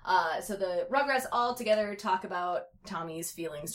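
A woman's voice: lowish voice, moderate pace, few pauses. Giggly woman reading fan fiction aloud. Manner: giggly, sarcastic asides. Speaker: podcast host.

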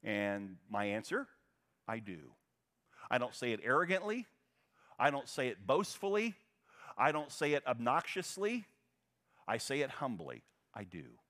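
A man preaching from the pulpit in a mid-pitched voice. His delivery is animated, with the pitch climbing high on questions and sinking low to drive a point home. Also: measured pace, pauses often. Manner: animated preaching, pitch rising and dropping sharply for emphasis. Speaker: pastor. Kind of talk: sermon.

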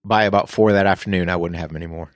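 A man's voice: deep voice, fairly even intonation, racing, no room sound, clean studio sound. A military veteran man speaking candidly as a podcast guest, blunt and earnest. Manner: blunt, earnest, swears casually.

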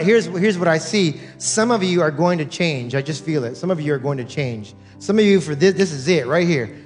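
A man preaching a sermon as pastor, repeating lines and building to shouts. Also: a little high.

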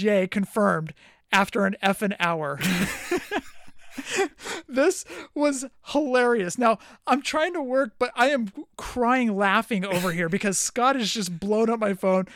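A man's voice: high voice, fairly bright tone, dry recording, studio quality. A man co-hosting a podcast, telling a funny story in casual chat, reading out text messages and laughing as he goes. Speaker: podcast co-host.

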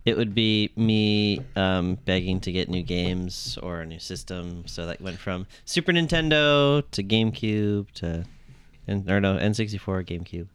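A man's voice: low-pitched, a little slow, smooth. A man guest who streams games, talking casually with short laid-back answers. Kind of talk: casual chat.

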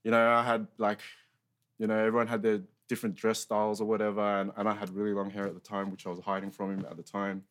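Young Australian man, lowish voice, casual and profane, meandering delivery. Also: monotone, fast talker, fairly bright tone. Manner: rambling, profane, heavy use of filler words. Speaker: guest sharing life story. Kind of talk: casual chat.

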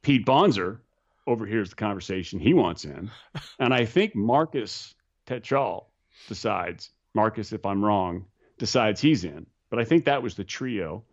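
A man casually telling skydiving stories, animated and swearing, often restarting and mimicking other people. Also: on the low side, unhurried, muffled recording. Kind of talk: casual storytelling.

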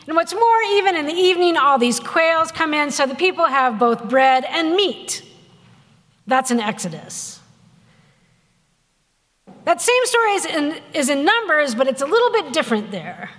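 A woman pastor giving a sermon in a conversational, wry storytelling way, acting out quotes with lively voices. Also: high voice, moderate pace, long reverb tail. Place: church sanctuary.

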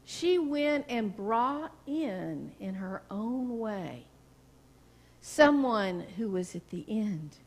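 Slow-speaking woman pastor, high voice. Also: lively intonation, darkish tone, slightly rough. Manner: folksy, asks the congregation questions. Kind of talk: sermon with storytelling. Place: church sanctuary.

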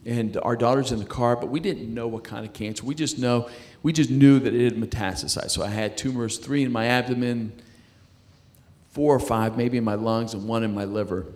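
A middle-aged man tells his faith testimony in a steady, darkish mid-range voice. He speaks in a halting way, stumbling, echoing his own words, and restarting his sentences.

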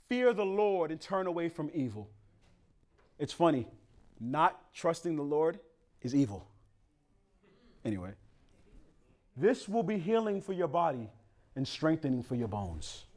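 A man preaching a sermon as pastor, conversational with street slang and sudden loud emphatic rises. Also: a little high.

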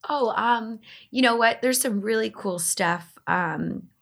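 This young woman, a tech blogger appearing as an interview guest, has a slightly high, fairly bright voice and speaks slowly. She chats enthusiastically about technology in a casual interview, using lots of fillers.

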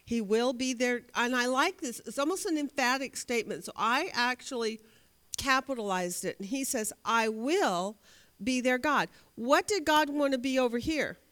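In an interactive Bible class, a woman leads the lesson by posing questions to her students and then answering them herself, often repeating words as she thinks out loud. Her voice is high and a bit bright, moving at a normal speed.

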